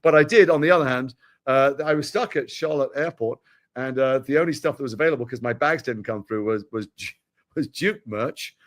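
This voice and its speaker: A middle-aged man from Britain, an actor chatting as an interview guest, telling animated stories with quick asides. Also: mid-range voice. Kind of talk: casual interview chat.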